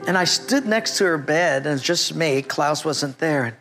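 Animated pastor telling a story. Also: male voice, fairly high pitch, normal speed, gravelly, hardly any pauses, faint music behind. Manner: animated storyteller, acts out his own past thoughts. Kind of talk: sermon with personal story.

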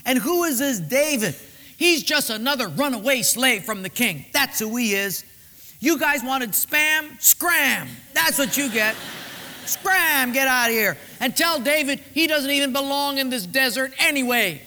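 A man voicing a rude, stingy rich herder who talks loudly and scornfully. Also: extremely high pitch, animated, a little slow, long reverb tail, heavily acted. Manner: loud, scornful, dismissive.

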